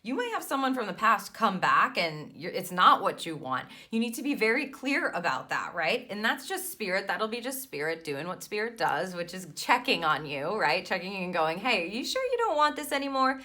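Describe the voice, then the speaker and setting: A woman talks through a monthly spiritual card reading in a soothing, affirming way, often checking in with "right?". Her voice sits a little low but sounds bright and clear. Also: big pitch swings, moderate pace, few pauses. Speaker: tarot reader and intuitive mentor.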